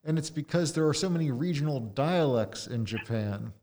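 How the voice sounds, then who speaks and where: A man's voice: on the high side, expressive, moderate pace, a little mellow, slight background noise. An American man with a Midwestern accent, chatting as a podcast guest in a dry, self-deprecating way. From United States. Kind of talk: casual chat.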